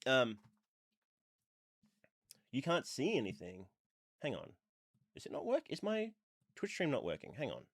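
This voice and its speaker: A man's voice: medium pitch, wildly swooping pitch, unhurried, long pauses, fairly bright tone, no room sound, clean studio sound. A man talking casually on his livestream, rambling with lots of fillers, a bit stuffy from blowing his nose. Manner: rambling, chatty, with many fillers. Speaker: streamer.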